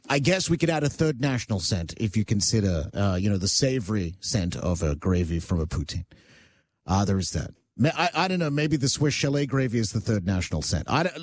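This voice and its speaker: Lively, wry male radio host. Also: on the low side. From Canada. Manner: wry, teasing, ranting asides. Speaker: radio talk show host. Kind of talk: casual talk radio chat.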